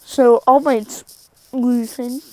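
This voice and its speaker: Slow-talking woman retelling a fan story. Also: on the high side, steady tone, warm tone. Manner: rambling, self-correcting.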